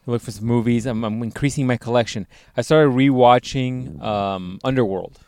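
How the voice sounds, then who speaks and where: A man's voice: mid-range voice, normal speed, darkish tone, smooth, dry recording, studio quality. A young man co-hosting a podcast, swearing and joking crudely in casual chat, laughing often. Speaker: podcast co-host.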